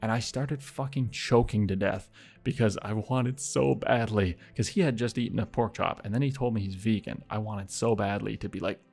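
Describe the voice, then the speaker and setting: A man casually telling a story, swearing freely and acting out the people in it with sudden loud bursts. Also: fairly low pitch, moderate pace, vocal fry. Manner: animated, acts out quotes, heavy swearing.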